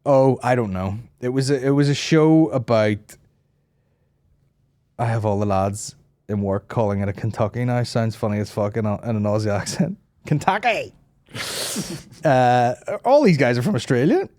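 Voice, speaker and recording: A man's voice: mid-range voice, lively intonation, moderate pace, mellow. A man in his thirties with a Northern Irish accent, hosting a comedy podcast in loose, rambling, profane chat with laughs between riffs. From Northern Ireland. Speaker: podcast host.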